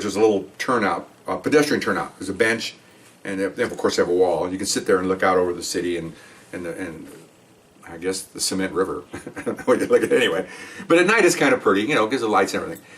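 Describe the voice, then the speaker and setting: A man's voice: sits low, recorded from a distance. An older man, a retired police officer, telling a story in a casual, rambling way and often checking in with "okay?". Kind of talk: casual spoken anecdote.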